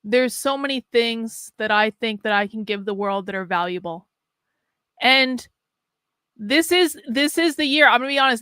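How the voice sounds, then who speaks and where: Woman host, candid livestream chat, higher-pitched, crisp. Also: moderate pace, no room sound, studio quality. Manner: candid, sad but steady, talks in restarts and repeats.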